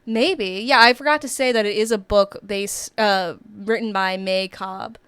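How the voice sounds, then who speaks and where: A woman's voice: mid-range voice, fairly even intonation, measured pace, a bit bright, clear, resonant tone, no echo. A young woman with a Chesapeake Bay accent co-hosting a pop culture podcast, talking animatedly with many fillers and a slight Southern twang. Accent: Chesapeake Bay region. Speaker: podcast co-host. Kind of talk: casual pop culture chat.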